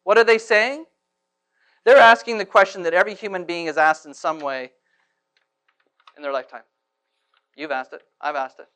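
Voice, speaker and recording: A man preaching a sermon in church, swinging from hushed to loud and asking rhetorical questions. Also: sits high, normal speed, long pauses, clean tone. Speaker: pastor.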